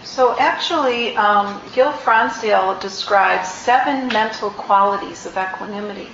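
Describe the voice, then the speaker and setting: A woman meditation teacher giving an unhurried, reflective dharma talk, gently searching for her words. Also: mid-range voice, creaky, echoey room, highs cut off, a little hiss or hum. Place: meditation hall.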